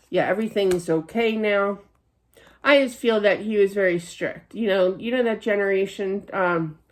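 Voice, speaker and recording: A woman's voice: mid-range voice, a little mellow. A middle-aged woman giving a psychic reading, chatty, with many fillers and frequent laughter. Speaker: psychic medium. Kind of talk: spiritual reading monologue.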